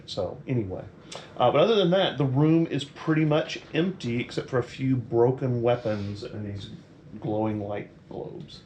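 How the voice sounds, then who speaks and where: A man at a middle pitch narrating as game master, relaxed and rambling as he describes rooms and doors. His voice carries a roomy echo with faint noise underneath. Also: normal speed, dull audio.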